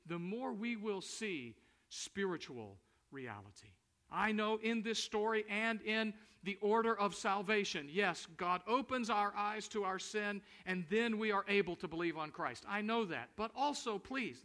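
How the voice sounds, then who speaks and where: A man preaching a sermon in a high, bright voice. He reads the scripture aloud and hammers his points home by repeating them, and he slows right down on the words that matter. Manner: preaching with emphatic repetition and dramatic slowdowns. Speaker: pastor.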